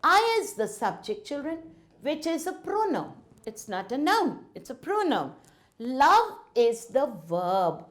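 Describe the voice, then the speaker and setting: A woman's voice: high voice, sing-song, slow. A woman with an Indian English accent teaching a grammar lesson to children, in a sing-song way, often calling them children.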